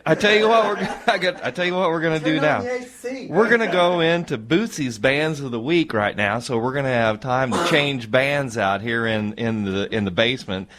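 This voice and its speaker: A man's voice: medium pitch, moderate pace, crowd noise. A man with a Midwest American accent co-hosting a casual radio show in a station studio, joking and laughing with guests.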